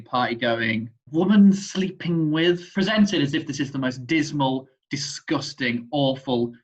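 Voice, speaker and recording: A woman co-hosting a casual drawing game, playful and cheeky, often laughing. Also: sits low. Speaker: co-host. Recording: dull lo-fi recording.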